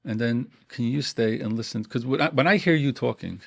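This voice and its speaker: A middle-aged couples therapist talks in an animated way, repeating words and acting out little scenes. His voice has a gravelly texture. The sound is dry, with no room echo. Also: mid-range voice, fairly quick. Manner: animated, repeats himself, acts out examples. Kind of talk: conversational advice interview.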